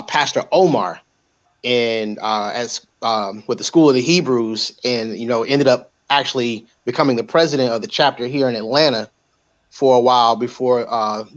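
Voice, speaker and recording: A man's voice: medium pitch, normal speed, lo-fi sound. A man who is a panel guest in a casual chat, telling stories in an easygoing way.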